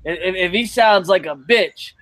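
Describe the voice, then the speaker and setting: A man's voice: sits high, moderate pace, fairly bright tone, no echo. A man co-hosting a casual live podcast chat, blunt and profane, with comic asides.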